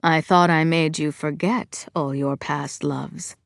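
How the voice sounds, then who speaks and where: A woman reading an audiobook, voicing a gentle middle-aged father who speaks softly and calmly. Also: sits low, vocal fry, no echo, clean studio sound, pitched below the performer's own voice, full character voice. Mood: playful. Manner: soft, calm, measured. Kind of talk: audiobook character voice.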